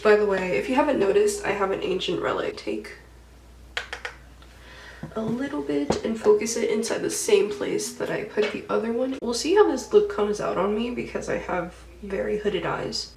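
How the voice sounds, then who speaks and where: A woman's voice: medium pitch, vocal fry, far from the mic, slight background noise. A woman chatting through her makeup routine in a loose, unfiltered vlog style, cursing freely as she retells dreams. Her voice sits back from the mic in a roomy, echoing space. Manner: chatty, swears freely, reads dreams aloud with animated retelling. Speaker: beauty vlogger. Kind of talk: casual get-ready-with-me chat.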